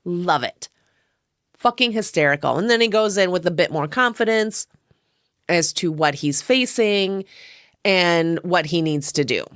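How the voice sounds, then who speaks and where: A woman's voice: fairly low pitch, expressive, measured pace, dry recording, studio quality. A woman hosting a casual film review podcast, chatty and profane, laughing often as she talks. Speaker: podcast host.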